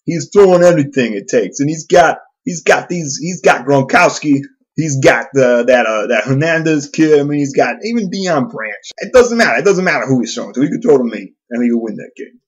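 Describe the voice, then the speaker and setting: A man's voice: fairly high pitch, animated, moderate pace, darkish tone, pitched above the performer's own voice. A man voicing a brash, boastful male sports-fan buddy who gets worked up and repeats himself for emphasis.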